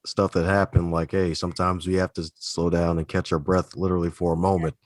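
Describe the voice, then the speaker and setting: Podcast host guy, very deep voice, dry close sound, quick loose recap. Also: level tone, no room sound. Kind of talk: podcast interview.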